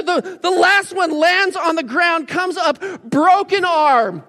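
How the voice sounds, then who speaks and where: A man preaching a sermon, telling stories with animated swings from quiet talk to shouting. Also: extremely high pitch, takes it slowly, few pauses, in a large hall. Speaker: pastor.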